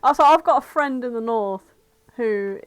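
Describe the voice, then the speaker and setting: Brief: woman, higher voice, casual swearing co-host, dry close mic. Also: expressive, moderate pace, clear, resonant tone, no echo. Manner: swears freely, acts out dialogue in a lowered voice. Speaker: podcast co-host. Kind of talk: casual chat, retelling a fanfic.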